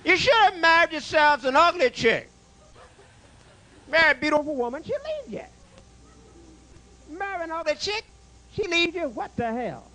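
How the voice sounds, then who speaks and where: Very high-voiced, lively male stand-up comic. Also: moderate pace, pauses often, a little hiss or hum. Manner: brash one-liners, teasing the audience. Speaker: stand-up comedian. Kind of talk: stand-up comedy with crowd work. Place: comedy club stage with a live audience.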